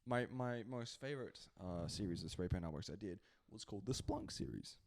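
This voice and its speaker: A young man chatting casually as a podcast guest, trading deadpan jokes with his brother. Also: fairly low pitch, a little fast, vocal fry, noisy background. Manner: deadpan, joking. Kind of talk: casual chat.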